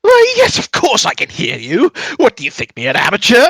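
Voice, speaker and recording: A man's voice: sits high, wildly swooping pitch, a little fast, gravelly, a bit bright, husky, no echo, studio quality, voice pushed up, exaggerated voice. A man voicing an eccentric old male wizard, a flamboyant showman with a theatrical, grandly affected manner. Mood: indignant.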